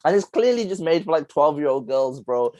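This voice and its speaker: A young man, co-hosting a casual podcast chat, rambling through animated stories with lots of laughter. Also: on the high side, a little fast, no echo. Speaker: podcast co-host.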